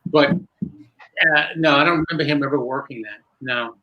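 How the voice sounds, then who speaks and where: A man, a magician, telling animated stories in conversation and building suspense as he goes. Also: medium pitch, brisk, dull audio. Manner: lively, building suspense with self-interruptions. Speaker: magician recalling a fellow performer.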